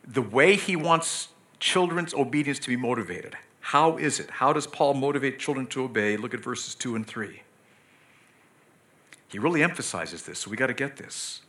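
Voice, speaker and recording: A man's voice: medium pitch, bright, forceful tone. A middle-aged pastor preaching a sermon, speaking earnestly and directly to the children and parents in his church.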